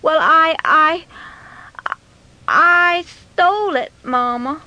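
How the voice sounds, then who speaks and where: A woman's voice: very high voice, moderate pace, bright, forceful tone, no room sound, lo-fi sound, voice pushed up. A woman voicing a timid, guilty young son who stammers hesitantly as he confesses. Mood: fearful.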